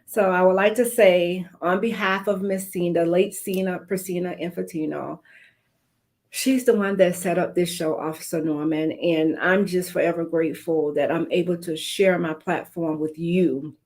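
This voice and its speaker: A woman hosting a live online talk show on a video call, giving church-flavored greetings and shout-outs to viewers. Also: fairly low pitch, fairly even intonation, normal speed.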